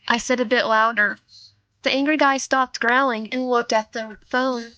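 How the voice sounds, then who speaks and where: A woman reading a visual novel aloud, slowly, with frequent slips and self-corrections. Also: a little high, steady tone, sharp tone, no room sound, highs cut off. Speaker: let's play narrator.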